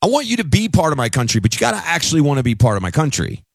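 A man's voice: fairly high pitch, big pitch swings, very fast, vocal fry, no echo. A man hosting a conservative talk radio show, delivering an emphatic, conversational monologue into a studio mic.

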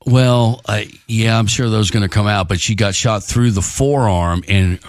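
Low voiced guy cohosting, wry comebacks, dry close mic. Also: dry recording. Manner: wry, quick to needle his partner. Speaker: co-host. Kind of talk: casual sports and news chat.

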